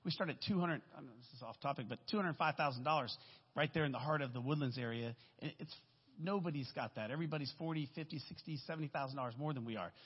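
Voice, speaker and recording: In a church sanctuary, a guest speaker with a fairly high, slightly rough voice talks fast through a candid, rambling testimony sermon, often tossing in "right?". The recording is dull and carries long hall reverb.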